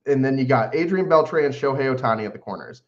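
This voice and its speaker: A man's voice: medium pitch, lively intonation, quick pace. Playful man on a dull lo-fi line. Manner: playful, boastful banter. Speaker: podcast co-host. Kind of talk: casual sports podcast chat. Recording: dull lo-fi sound.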